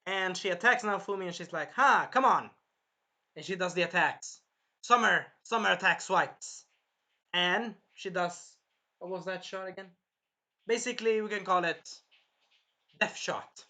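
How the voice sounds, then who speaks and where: A man recapping and reviewing an anime episode in a rambling, self-correcting way, with a sore throat that he keeps clearing, acting out the characters' lines. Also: sits high, normal speed, bright, forceful tone. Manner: rambling, jumps around and corrects himself, acts out characters' lines.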